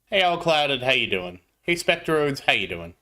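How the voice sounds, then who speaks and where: A man's voice: mid-range voice, sing-song, moderate pace, bright, forceful tone. A man streaming a mobile game, chatting casually as he plays and greeting viewers in chat by name. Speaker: gaming livestreamer. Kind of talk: casual gameplay commentary.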